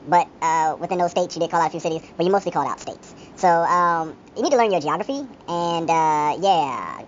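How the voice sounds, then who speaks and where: A woman in casual podcast chat, talking in a fast, teasing, animated way. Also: on the low side. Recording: dull, slightly lo-fi with faint noise.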